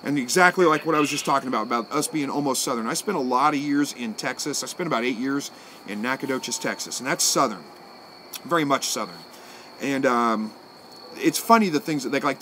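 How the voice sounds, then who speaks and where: A man, hosting a live stream and answering viewer comments in a relaxed, folksy way that thinks out loud. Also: medium pitch, slight background noise. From Southwest Missouri, USA. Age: 40s.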